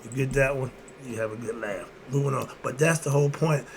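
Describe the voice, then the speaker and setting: A host with a husky, mid-range voice speaks fairly quickly in a casual philosophical monologue. Preachy and informal, he asks himself questions and answers them, chuckles often, and keeps saying "moving on" between points.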